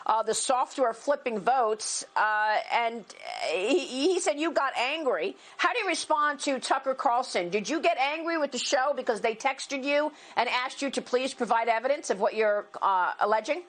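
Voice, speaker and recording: A woman's voice: high-pitched, normal speed. A woman news anchor questioning a guest in a broadcast interview, pointed and direct.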